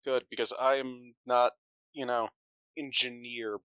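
A man's voice: medium pitch, flat delivery, slow, sharp tone, clear, resonant tone, dry recording. A man playing a tabletop role-playing game, making joking asides. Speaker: tabletop player.

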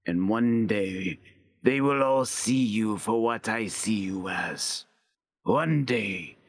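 A man plays a seven-foot, menacing male bartender in a sci-fi tabletop game. He growls low threats and stretches some words out. The voice sits a little under the man's own. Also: slow pace, breathy edge.

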